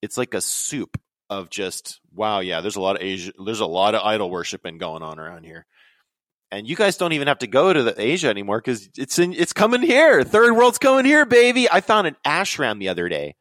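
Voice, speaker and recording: A man telling stories in casual talk, rambling and animated, often dropping into quoted voices. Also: lowish voice, fairly quick, no echo. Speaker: podcast guest. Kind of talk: casual storytelling.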